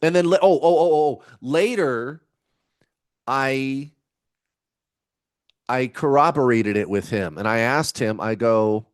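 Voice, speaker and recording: A man's voice: medium pitch, measured pace, pauses often, clean tone, dry recording, clean studio sound. A middle-aged man chatting casually to camera in a rambling, laid-back way, with the odd swear word. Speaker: spiritual vlogger.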